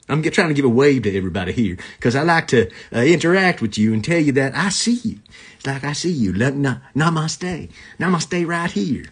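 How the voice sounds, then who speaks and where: A man's voice: mid-range voice, breathy edge. A man hosting a comedy live stream into a phone camera, rambling from joke to joke and greeting viewers as they join.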